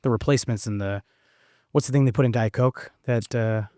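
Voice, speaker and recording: A man in his thirties, a podcast guest talking fast and animatedly, with plenty of fillers and the odd swear. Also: mid-range voice, dark tone, dry recording, studio quality. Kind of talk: casual conversation.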